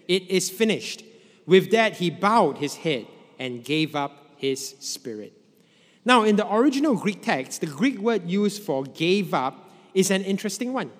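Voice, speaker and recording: A man preaching a sermon in a measured way, letting his voice drop low at the ends of phrases. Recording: long hall reverb.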